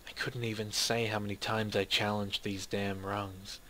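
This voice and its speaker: A man reading a dramatic first-person story in a steady, measured way. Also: on the low side, a little hiss or hum. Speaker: narrator.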